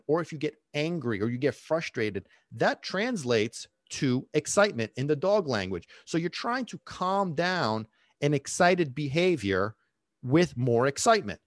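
A man's voice: a little high, big pitch swings, moderate pace, dry recording, studio quality. A man who works as a dog trainer, explaining casually and emphatically, throwing in rhetorical questions and checking in with "okay?" and "right?". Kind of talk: casual instructional talk.

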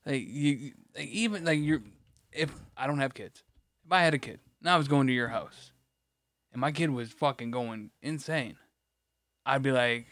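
A man's voice: mid-range voice, normal speed, a bit bright, no room sound, clean studio sound. A man ranting on a podcast, rambling with many restarts and plenty of swearing. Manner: rambling, restarts a lot, profane rant. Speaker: podcast co-host. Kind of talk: casual ranting chat.

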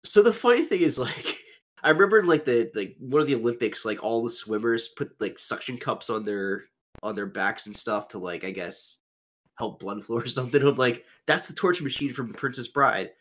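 Giggly co-host, mid-pitched, loose casual movie talk. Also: normal speed. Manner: giggly, many "like" fillers. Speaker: podcast co-host. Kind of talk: casual movie review chat.

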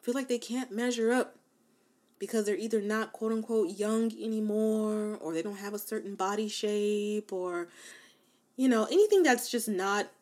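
A young adult woman talking casually to her viewers, giving self-love advice in an animated, emphatic way, with lots of "like" and "you know.". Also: medium pitch, moderate pace. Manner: conversational, many fillers like "like" and "you know". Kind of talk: casual motivational talk to camera.

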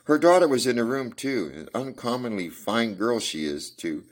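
A man's voice: medium pitch, sing-song, moderate pace. A man reading as a boastful police detective. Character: Gregson, proud male police detective.

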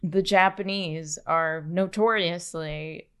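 A woman's voice: on the low side, steady tone, slow, a little hiss or hum. A young woman co-hosting a casual chat podcast, chatty and laughing often as she explains things. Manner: laughs often, chatty, tries silly accents. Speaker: podcast co-host.

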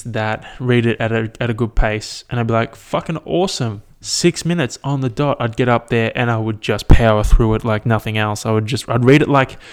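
The voice is medium-pitched with a clean tone, belonging to a young man hosting a podcast alone. He rambles casually, pokes fun at himself and curses a lot.

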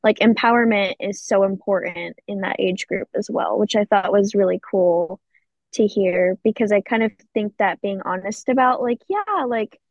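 A woman's voice: medium pitch, steady tone, moderate pace, no echo, dull audio. A young woman, a college student, chatting casually as a radio guest, filling her talk with "like". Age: young adult. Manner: chatty, says "like" a lot.

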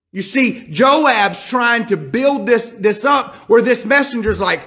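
A man's voice: very high-pitched, expressive, unhurried, few pauses, fairly bright tone. A man preaching a sermon, retelling scripture and acting out the characters' words with rising intensity.

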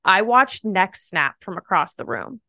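A young adult woman, a podcast guest, tells a personal story in a casual, animated, chatty way, dropping plenty of "like" fillers. Her middle-pitched voice has vocal fry and a measured pace. The recording is close and dry, with no room echo.

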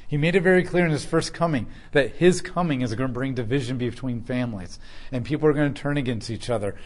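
A man preaching a sermon, teaching through a passage with emphatic, repetitive declarations. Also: mid-range voice.

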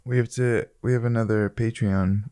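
A man co-hosting a casual podcast, relaxed and joking, with frequent laughter. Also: on the low side, normal speed. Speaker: podcast co-host.

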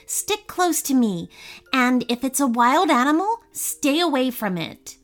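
A woman's voice: sits high, very animated, measured pace, a bit bright, pitched above the performer's own voice, heavily acted. A woman voicing a sensible, cautious young boy looking out for his little sister in a storybook reading. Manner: careful, reasoning, protective.

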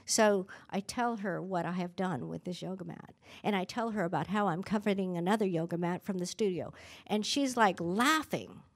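A woman's voice: on the low side, normal speed. A middle-aged woman giving a candid, self-mocking personal share at a recovery meeting, often restarting her sentences.

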